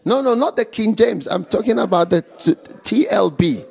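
A man preaching a slow, emphatic sermon in church, stopping often for call-outs to the congregation. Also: sits high, lively intonation, vocal fry, a little mellow, husky. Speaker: pastor.

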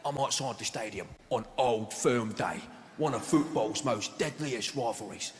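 Scottish comedian doing a jittery TV presenter. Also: male voice, mid-range voice, a little slow, pitched below the performer's own voice, close to an everyday voice. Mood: scared. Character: rattled male TV presenter faking toughness. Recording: echoey hall, heavy noise.

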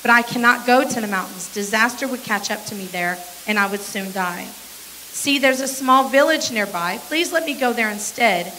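A woman's voice: a little high, normal speed, bright, forceful tone, slight background noise, poor audio. A woman pastor reading a scripture passage aloud during a sermon, with short asides to the congregation.

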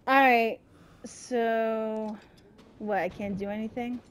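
Scared woman gamer, slow and high, swears a lot. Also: fairly even intonation, clean tone. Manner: frightened, swearing, yelling at the game. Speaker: gamer playing a horror game. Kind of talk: horror let's play commentary.

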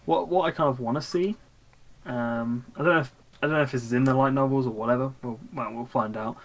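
A man's voice: medium pitch, fast talker, low-quality recording. Laid-back young man teasing his co-host. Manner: laid-back, teasing, trails off mid-thought. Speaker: anime review podcast co-host. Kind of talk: casual chat.

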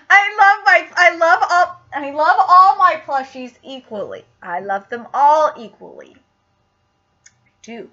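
A woman in her twenties hosting a live manga reaction vlog, gushing and excitable and swearing freely. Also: high-pitched, unhurried. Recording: dull lo-fi recording.

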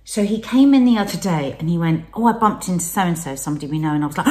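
A woman's voice: medium pitch, lively intonation, very fast, hardly any pauses, darkish tone. A woman co-hosting a candid talk show, telling a personal story expressively and acting out the voices of the people she quotes. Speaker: podcast co-host. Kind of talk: candid conversation about mental health.

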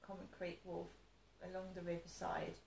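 A woman with a gravelly, creaky voice rambles through a personal story. She sounds upset and vents as she goes, often restarting her sentences. The room echoes around her, with a faint ambient hum behind. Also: lowish voice, monotone, normal speed. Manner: upset, venting, meandering with restarts. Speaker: vlogger.

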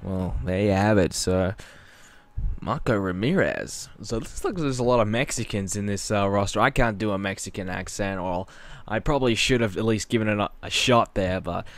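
A man's voice: lowish voice, fairly quick, hardly any pauses. A man giving casual, rambling commentary while playing a wrestling video game, often interrupting himself. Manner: rambling, chatty, self-interrupting. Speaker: gaming channel host.

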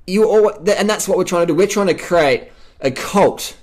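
A man's voice: high-pitched, normal speed. Profane ranting Australian man vlogging. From South Australia. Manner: profane, emphatic and repetitive. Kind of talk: unscripted rant to camera.

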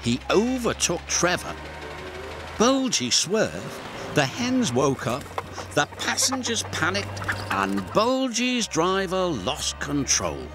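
British male narrator, slow, hugely lively pitch, children's story over clear music. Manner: warm, expressive storytelling with many character voices. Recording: studio voice-over with music underneath.

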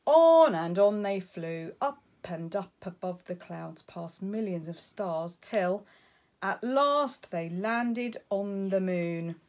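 A woman reads a children's picture book aloud, taking her time over each line. Her voice rises and falls with plenty of expression, gentle and unhurried. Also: medium pitch. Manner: slow, expressive and lilting. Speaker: storybook reader.

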